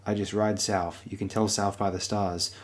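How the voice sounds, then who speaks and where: Man reading earnest young recruit: deep, insistent. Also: little pitch movement, normal speed, natural voice.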